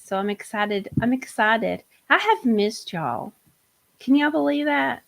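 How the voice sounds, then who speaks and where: A woman's voice: a little high, vocal fry, a bit bright. A woman hosting a live tarot reading show, chatting casually and energetically with viewers. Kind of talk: casual live-stream chat.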